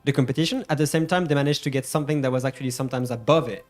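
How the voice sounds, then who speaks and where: A French man with a French accent, co-hosting a casual stream and playfully teaching pronunciation with drawn-out, emphatic words. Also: mid-range voice, fairly even intonation, faint music behind. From France. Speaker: co-host.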